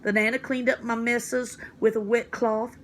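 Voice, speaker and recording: A woman reading a children's chapter book aloud in a lively, expressive way. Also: fairly high pitch, moderate pace, slight background noise. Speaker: reader.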